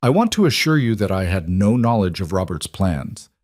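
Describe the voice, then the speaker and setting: A man's voice: low voice, very animated, moderate pace, darkish tone, no echo, studio quality. A man voicing a careful, respectful male mafia lieutenant.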